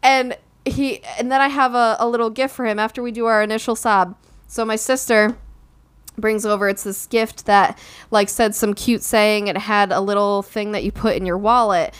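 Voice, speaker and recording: Young woman, casual chat, smooth clear voice, mid pitch, rambling storyteller, talks to her listeners. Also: normal speed. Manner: animated storytelling, lots of "like" fillers; speaks to listeners as "guys". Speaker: podcast co-host and recent bride.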